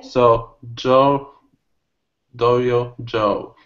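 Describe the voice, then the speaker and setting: A man's voice: steady tone, very slow, a bit bright. A man student in an online lesson, carefully repeating practice words one by one. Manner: careful word-by-word repetition. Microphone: video call. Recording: muffled low-fidelity video call audio.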